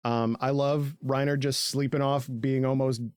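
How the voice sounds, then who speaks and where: A man's voice: mid-range voice, flat delivery, moderate pace, clean tone, dry recording, studio quality. Giggly, swearing man recapping an anime. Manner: laughs a lot, swears freely, acts out characters in goofy voices. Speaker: podcast co-host. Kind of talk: casual chat recapping an episode.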